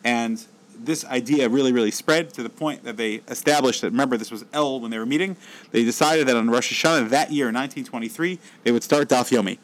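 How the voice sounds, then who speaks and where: A man giving a storytelling lecture as a Torah teacher, animated and repeating words when excited. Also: mid-range voice, a little fast, rough recording.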